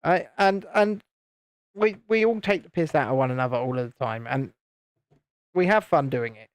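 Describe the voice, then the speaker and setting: Expressive and at a normal speed, this British man's clean-toned voice carries no echo. He chats casually on a live stream while building LEGO, teasing his friends by mimicking them higher and reading out viewer comments.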